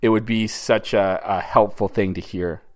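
A man's voice: fairly low pitch, steady tone, normal speed. A man co-hosting a podcast in casual chat, earnest and enthusiastic. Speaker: podcast co-host.

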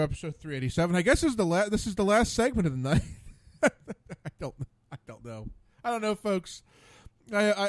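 A man's voice: high voice, dry recording. A man hosting his own radio show, rambling casually alone at a studio mic, stammering and repeating words in exasperation.

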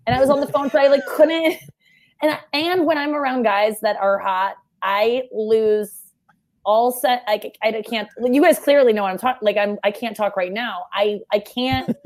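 Young woman rambling through a story, fast, kinda high voice, yells the quotes. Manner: animated storyteller, fast and breathless, acts out quotes with loud shouts. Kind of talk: casual chat.

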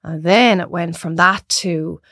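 A woman's voice: on the low side, a little slow, no echo. Irish woman chatting as a guest, acts out what people said, dry close sound. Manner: animated storyteller acting out quotes. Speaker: podcast guest. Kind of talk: casual chat.

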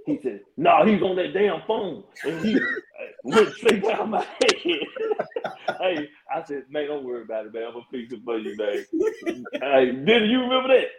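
Brief: male barber, lively voice, relaxed storyteller, roomy echo. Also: on the high side, normal speed, noisy background. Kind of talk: casual storytelling.

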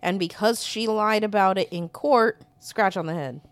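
A woman's voice: mid-range voice, normal speed, no echo. A woman co-hosting a casual talk show who chimes in with blunt, profane, joking asides. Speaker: podcast co-host. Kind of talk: casual chat.

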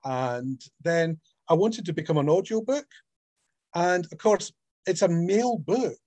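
A man's voice: fairly high pitch, unhurried, dry recording. A middle-aged man from Scotland with a Scottish accent, an author chatting animatedly in an interview. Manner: animated storyteller, acts out quoted voices. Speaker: author guest. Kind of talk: casual interview chat.

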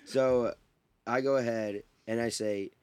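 A man's voice: medium pitch, a little slow, a loud crowd. Laughing young man telling a story. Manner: animated storytelling, laughing often. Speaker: podcast host. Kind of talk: casual chat.

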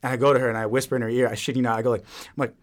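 A young man hosting a podcast, telling crude stories in a rapid, animated, casual way. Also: medium pitch. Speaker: podcast host. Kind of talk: casual chat.

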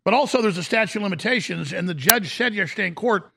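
A man's voice: sits high, animated, quick pace, creaky, hardly any pauses, bright, forceful tone, slightly rough. A man hosting a talk radio show, delivering an indignant, mocking rant. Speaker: radio host.

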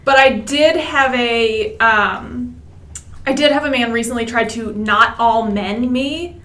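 A woman's voice: fairly high pitch, takes it slowly, a bit bright, echoey room. A woman guest on a podcast, talking casually and hedging with filler words. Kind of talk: casual chat.

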